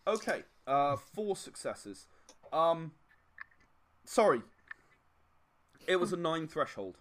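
A man narrating a tabletop game as game master, with a lively, swooping voice pitched slightly high. He rambles, chuckles and fills gaps with "um.". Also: slow, a little hiss or hum. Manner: rambling, chuckling, many fillers.

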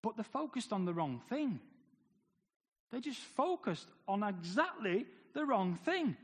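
A man's voice: high voice, big pitch swings, unhurried, slightly rough. A man preaching a sermon, firing off rhetorical questions with wry humor. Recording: long hall reverb.

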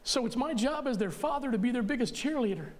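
A man's voice: very high-pitched, animated, fast, a little mellow. A male pastor preaching a sermon in an emphatic, conversational way, speaking straight to his listeners.

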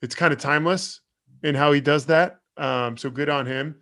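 A man co-hosting a podcast, reviewing a film in a relaxed, halting way with "uh" and "um". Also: a little high. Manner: relaxed, hesitant with "uh" and "um". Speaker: podcast co-host. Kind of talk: casual review chat.

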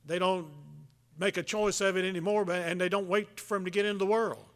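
A man preaching a folksy sermon, telling a Bible story in a halting way with many filler sounds. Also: sits high, steady tone.

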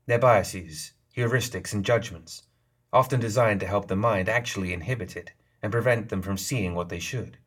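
A smug, knowing geisha woman who enjoys toying with her listener, as a man reads her. The voice is low and husky, lifted only a little for her. It is a storybook reading with playful, teasing turns. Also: normal speed, a bit bright. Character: sly, smug female geisha leader.

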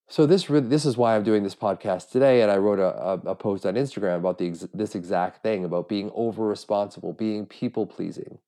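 Earnest low-voiced middle-aged man. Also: normal speed, warm tone. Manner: earnest, self-searching, frequent restarts. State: has a cold. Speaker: podcast host. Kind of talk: reflective solo podcast monologue.

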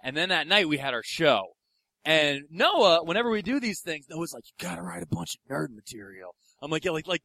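A man's voice: high-pitched, no echo. A young man from Philadelphia telling a profane stand-up story, acting out the other people in it. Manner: animated, acts out voices, profane. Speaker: stand-up comedian.

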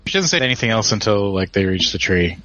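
A man's voice: lowish voice, big pitch swings, quick pace, a bit bright. A man playing a tabletop game, casually narrating what his character does, with many fillers. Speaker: player. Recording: dull lo-fi podcast audio.

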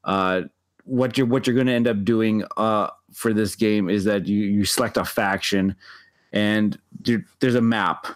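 A man's voice: on the low side, steady tone, unhurried. Man chatting, stumbling and laughing. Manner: stumbling, repeats words, laughs often. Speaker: board game podcast co-host. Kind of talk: casual chat.

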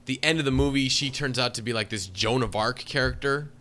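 A man's voice: mid-range voice, a little fast, bright, forceful tone. A man co-hosting a podcast, giving a sarcastic, exaggerated movie review in casual chat. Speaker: podcast co-host.

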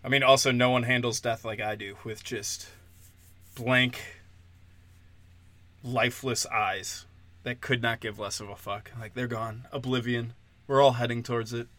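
Crude, sardonic man with a bright voice. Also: mid-range voice, steady tone, unhurried, long pauses. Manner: mocking, slips into sarcastic quoted voices. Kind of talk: casual podcast rant.

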